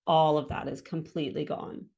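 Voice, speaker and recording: A woman in her thirties, a guest in an interview, telling her own story in lively fashion and acting out what others said and thought. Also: low voice, moderate pace, highs cut off. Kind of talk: personal testimony in an interview.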